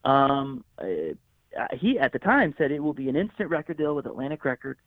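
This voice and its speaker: A man's voice: on the high side, expressive, fairly quick, no room sound. A man telling stories in an interview as a guest musician, rambling with many fillers and restarts and acting out what people said. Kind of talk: conversational storytelling interview. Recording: tinny phone-like line, dry.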